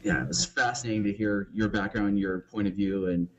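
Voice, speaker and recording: A man's voice: on the low side, steady tone, fairly quick, muffled recording, a crowd in the background. A man hosting a casual interview, thanking his guest in a friendly way. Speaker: interview host.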